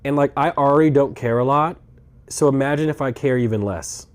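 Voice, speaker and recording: A young man live-streams from inside a rental car on a road trip, chatting and rambling with swearing and dry, sarcastic asides. His voice is medium-pitched and brisk.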